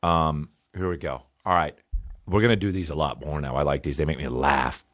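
A man's voice: extremely low pitch, steady tone, moderate pace, fairly bright tone, no echo, studio quality. A male comedian hosting a podcast, chatting casually in a rambling, sarcastic and profane way.

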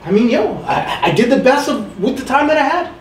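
A man in his thirties on a podcast, talking calmly and reflectively about facing a scare, laughing easily. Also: very high-pitched, fairly quick, a little hiss or hum. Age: 30s. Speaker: podcast co-host. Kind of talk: casual chat. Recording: roomy sound, mic at a distance.

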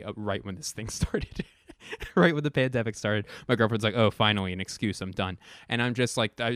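A young man delivering a rambling, profane, self-deprecating comic monologue, stumbling over restarts and jumping into sudden loud bursts. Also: on the low side, no echo, studio quality. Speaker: comedian. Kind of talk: stand-up style comic monologue.

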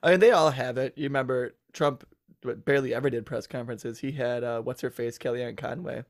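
Dude guesting on a podcast, normal pitch, chill and laughing a lot. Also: male voice, steady tone, a little fast. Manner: easygoing, laughs often. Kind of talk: casual chat.

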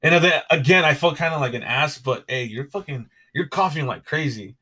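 On this podcast, a young co-host chats casually and rambles, throwing in fillers and curses. His voice sits on the high side with a sharp, husky tone at a normal speed.

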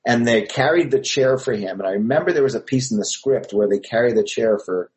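A man's voice: mid-range voice, fairly quick, a little mellow, poor audio. A man from Montreal, an actor, telling rambling anecdotes with many fillers in an interview. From Montreal, Canada. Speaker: actor and filmmaker guest.

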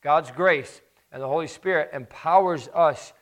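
A man preaching a sermon in an earnest, measured way, with some repeated words and fillers, building to emphatic rhetorical questions. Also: fairly high pitch, fairly bright tone.

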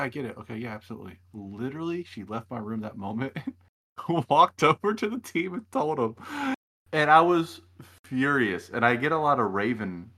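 A young man chatting casually as a podcast co-host, telling stories in a rambling, animated way. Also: fairly low pitch. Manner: rambling, animated storytelling with laughs. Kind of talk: casual reality-show recap chat.

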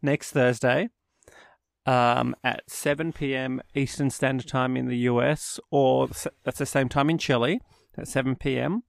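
A man's voice: medium pitch, fairly even intonation, measured pace, gravelly, dry recording, clean studio sound. A man, co-hosting a travel podcast in an enthusiastic, rambling way and laughing often. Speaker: podcast co-host. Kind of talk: casual travel podcast chat.

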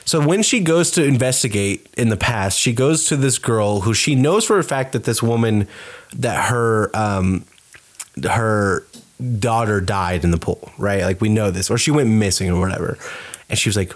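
A man's voice: on the low side, normal speed. A man co-hosting a casual podcast, animatedly recapping a horror movie and acting out the characters with laughter and swearing. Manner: animated storytelling, acts out characters with laughs and profanity. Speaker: podcast co-host.

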